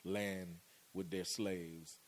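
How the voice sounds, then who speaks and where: A Bahamian man co-hosting a podcast in casual chat, animated and slangy, laughing often. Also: low-pitched, drawn-out words, slight background noise. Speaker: podcast co-host.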